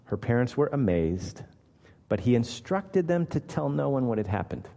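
A man's voice: medium pitch, big pitch swings, moderate pace, vocal fry, dark tone. Guy preaching a sermon, leans hard on his points, asks the crowd lots of questions, big echoey church sound. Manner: emphatic, asks the listeners rhetorical questions. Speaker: pastor. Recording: long hall reverb.

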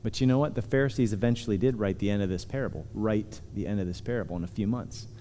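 Guy preaching, earnest, leans on words, warm low tone, big echoey room. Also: a little hiss or hum. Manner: earnest, emphatic, slows on key words. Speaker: pastor. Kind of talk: sermon. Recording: long hall reverb.

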